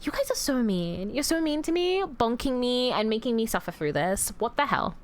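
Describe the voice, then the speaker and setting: Woman streamer, bouncy and very animated, playful mock-villain banter, swears often. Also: fairly high pitch, moderate pace. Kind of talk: casual livestream chat with viewers.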